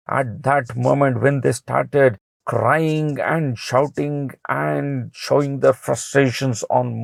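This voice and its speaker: Man, Indian English accent, devotional storyteller: unhurried and gravelly, repeats lines for emphasis, dry close sound. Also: mid-range voice, no room sound, low-quality recording. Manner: repeats each phrase for emphasis; earnest, plain wording. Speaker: devotional speaker.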